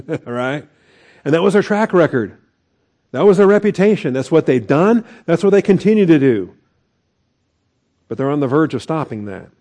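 A man's voice: fairly high pitch, very animated, moderate pace, pauses often, warm tone. A man preaching a conversational sermon as pastor, with asides and chuckles.

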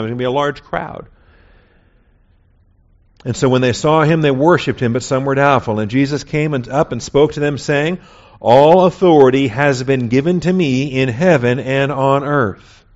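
Bible teacher, man, mid-pitched, chatty lecture, muffled lo-fi recording. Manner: conversational, often checks in with "all right?". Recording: dull lo-fi recording.

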